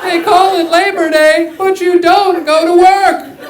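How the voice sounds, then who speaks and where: A man doing a comic impression of a woman politician who speaks slowly in lofty, circular phrases. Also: very high-pitched, fairly even intonation, background noise, pitched above the performer's own voice. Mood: grandiose. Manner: slow, singsong, circular phrasing. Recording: echoey club with crowd laughing.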